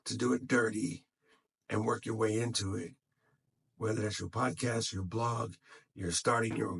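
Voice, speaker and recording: A man's voice: on the low side, gravelly, a bit bright, husky. A man talking casually to camera, encouraging other podcasters in a tired voice, recorded on his phone. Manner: encouraging, motivational, loose and unscripted.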